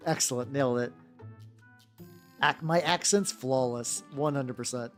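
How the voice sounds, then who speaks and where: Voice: mid-range voice, unhurried, long pauses, soft background music. A VTuber streamer chatting casually while painting miniatures, rambling and joking, with lots of "like"s and restarts. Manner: rambling, many "like"s and restarts, jokey.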